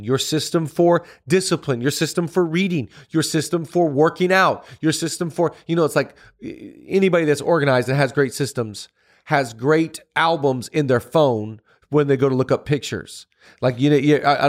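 Energetic man preaching leadership tips. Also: fairly high pitch. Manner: energetic preaching delivery with emphatic repetition. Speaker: pastor and podcast host. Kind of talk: motivational leadership talk.

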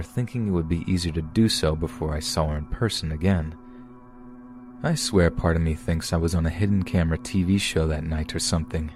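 A man calmly reading true scary stories aloud as a podcast narrator. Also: deep voice. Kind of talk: scripted horror story narration.

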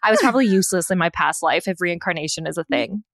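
A woman's voice: fairly low pitch, animated, fast talker, a crowd in the background. A young woman co-hosting a podcast, telling rambling self-deprecating stories in casual chat. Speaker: podcast co-host.

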